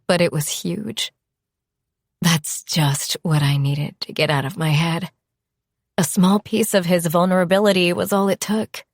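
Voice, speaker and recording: A woman narrating a first-person audiobook in a soft, often whispered, unhurried delivery. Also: low voice, breathy edge, dry recording, clean studio sound.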